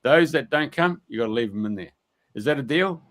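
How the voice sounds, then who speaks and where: A man's voice: medium pitch, lively intonation, a little fast, fairly bright tone, pitched above the performer's own voice, close to an everyday voice. A man voicing a stern, commanding male elf king who bluntly lays down terms.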